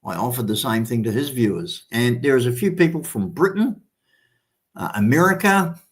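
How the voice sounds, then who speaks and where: A man's voice: medium pitch, lively intonation, normal speed. Rambling Australian man in his sixties. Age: 60s. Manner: rambling, swears freely, many ums. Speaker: livestream host. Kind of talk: casual live-stream chat.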